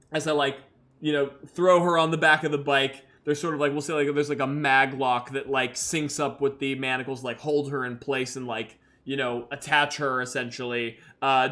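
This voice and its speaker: A man's voice: medium pitch, fairly even intonation, moderate pace, pushed and bright. A young man narrating a solo tabletop game as game master, talking casually with many fillers. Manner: casual, filler-heavy storytelling.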